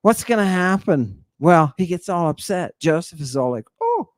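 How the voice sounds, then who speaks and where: A man's voice: sits high, expressive, moderate pace, dry recording, studio quality. Emphatic male lecturer, rhetorical questions. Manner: teasing, addresses the audience directly. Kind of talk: informal lecture with slides.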